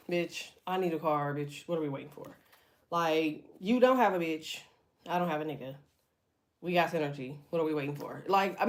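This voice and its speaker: A woman's voice: mid-range voice, heavy background noise. A woman giving a casual tarot reading, blunt and profane, chatting freely with her viewers. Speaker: tarot reader.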